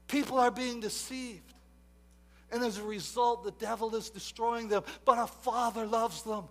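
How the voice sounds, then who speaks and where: Male preacher, high voice, hushed asides then booming exhortation, repeats words. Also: fairly even intonation, normal speed. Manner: swings between hushed asides and loud emphatic exhortation; repeats words and restarts often. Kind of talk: sermon.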